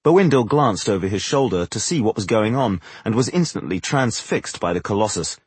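A man reading fantasy narration for an audiobook in a measured, dramatic way. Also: fairly low pitch, lively intonation, husky, no room sound.

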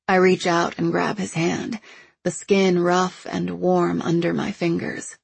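A woman narrating a first-person audiobook in a measured, intimate, low-key way. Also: fairly even intonation, vocal fry, husky, no echo.

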